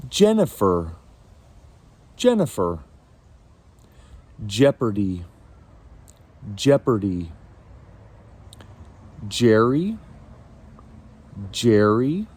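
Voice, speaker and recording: A man with a fairly low, husky voice gives a pronunciation lesson. He says each word twice, very slowly and deliberately, and his pitch moves a lot from word to word. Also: darkish tone. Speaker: pronunciation teacher. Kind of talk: slow, deliberate word drills.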